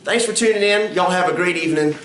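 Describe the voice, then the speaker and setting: A man's voice: sits high, fast talker, a bit bright, recorded from a distance, slight background noise. A man teaching song leading in a classroom, counting beats and singing hymn lines to demonstrate. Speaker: music instructor. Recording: echoey room, recorded from afar.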